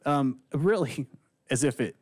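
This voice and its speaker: A man's voice: medium pitch, takes it slowly, a little mellow, no room sound, studio quality. A man co-hosting a casual movie podcast, easygoing and a bit hesitant in his phrasing. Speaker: podcast co-host. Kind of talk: casual chat.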